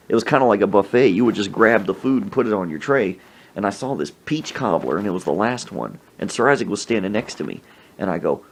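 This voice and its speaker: Male podcast host, lowish voice, very animated casual storyteller. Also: a little hiss or hum. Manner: animated anecdote telling with acted-out sneezes and voices.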